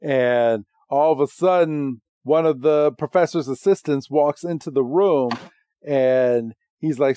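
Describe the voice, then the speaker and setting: A man co-hosting a podcast, casually recapping a cartoon episode with lively retelling. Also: unhurried, smooth, no room sound. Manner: animated recap, doing squeaky character voices. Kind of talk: casual chat.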